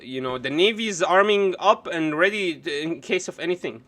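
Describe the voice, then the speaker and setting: A man with a notably high voice hosts a live stream, reacting to a clip. His rant is loud, sarcastic and profane, and his tone keeps turning mocking. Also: moderate pace.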